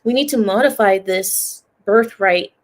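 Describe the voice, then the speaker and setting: A woman's voice: medium pitch, a little slow. A woman, ranting in a casual livestream and chatting to her viewers over a laptop mic. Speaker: livestream host.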